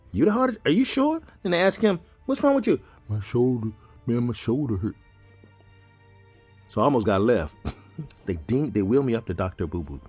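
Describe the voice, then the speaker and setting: A man casually telling his own story to his audience in an animated, joking, conversational way. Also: medium pitch, no echo.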